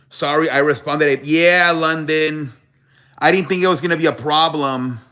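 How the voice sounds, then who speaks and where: A fairly high, sharp voice belongs to a young man hosting a live sports show. He keeps things casual with viewers on the live stream, though he rambles and swears when agitated.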